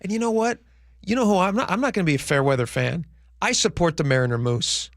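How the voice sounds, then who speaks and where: A man with a gravelly, fairly high voice co-hosts a talk radio show. He jokes with deadpan mock outrage and easy banter. His studio mic is close and dry. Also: fast, dry recording. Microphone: studio microphone.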